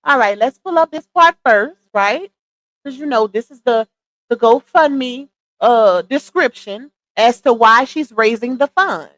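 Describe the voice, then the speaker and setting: Woman streamer, high-pitched, dry close mic, incredulous commentary. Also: animated, a little slow, a bit bright, no room sound, rough recording. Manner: sassy, incredulous, addresses viewers as y'all and baby. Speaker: live stream commentary host. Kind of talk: casual livestream commentary.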